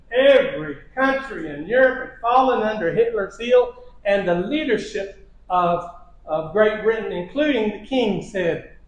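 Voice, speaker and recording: Man, high voice, sermon lesson, repetitive storytelling, echoey church hall. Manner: storytelling with repeated phrases and chuckles. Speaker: preacher.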